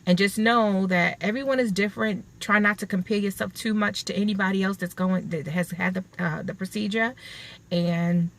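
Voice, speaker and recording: A woman's voice: mid-range voice, fairly even intonation, moderate pace. A woman vlogger talking casually and earnestly to camera, rambling and repeating herself for emphasis. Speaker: vlogger sharing her weight-loss surgery recovery.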